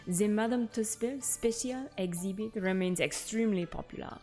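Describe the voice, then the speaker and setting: A woman's voice: mid-range voice, moderate pace, natural voice. A woman voicing a proud, theatrical French waxwork maker in a put-on French accent, slipping in French words, with game music behind. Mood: sly. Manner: sly, dramatic, drops French words. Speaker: game character voiced by streamer.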